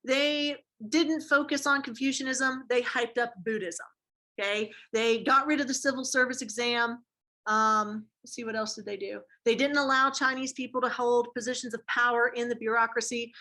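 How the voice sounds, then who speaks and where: A woman lectures her history class in slangy, relaxed language, quizzing the students along the way. She speaks with a fairly high, pushed, bright voice.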